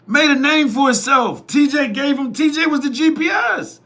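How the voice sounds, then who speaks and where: Emphatic high-voiced man ranting. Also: normal speed, gravelly, a bit bright. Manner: emphatic, repetitive, blunt and profane. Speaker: youth football media host. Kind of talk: opinionated monologue to viewers.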